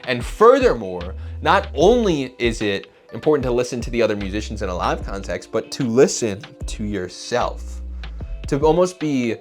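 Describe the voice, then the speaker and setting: A man giving a casual guitar lesson, talking things through and scat-singing short phrases as he plays. His voice sits in an ordinary middle pitch. Guitar music plays clearly behind him. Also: very animated, normal speed. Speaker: guitar teacher.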